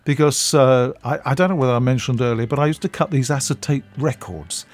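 An older man, a radio guest, telling anecdotes in a chuckling, lively way and acting out the scenes. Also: mid-range voice, a little fast, soft background music. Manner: chuckling, lively storyteller who acts out scenes. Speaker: interview guest. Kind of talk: anecdotal storytelling.

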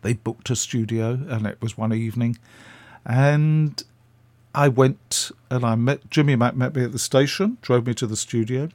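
A man's voice: mid-range voice, moderate pace, darkish tone, no echo. An older man from England, a radio interview guest, telling chatty stories with fillers.

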